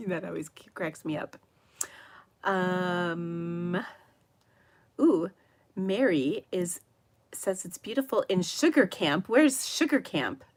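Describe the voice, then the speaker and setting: A woman's voice: lowish voice, animated, takes it slowly, long pauses. A middle-aged woman, hosting a casual live stream and chatting with viewers in a giggly, rambling way. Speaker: livestream host of a papercraft show. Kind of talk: casual live chat reading viewer comments.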